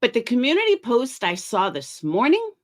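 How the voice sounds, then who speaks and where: A woman's voice: a little high, wildly swooping pitch, moderate pace. A middle-aged woman hosting a casual livestream, chatting with viewers by name and making sarcastic asides. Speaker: livestream commentary host.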